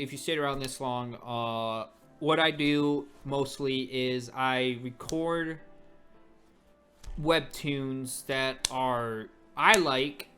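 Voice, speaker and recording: An excitable webtoon reviewer chats casually about the latest chapter, laughing often and stumbling over repeated words. The voice sits at a middle pitch. Faint background music plays under the talk. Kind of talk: casual commentary over a comic.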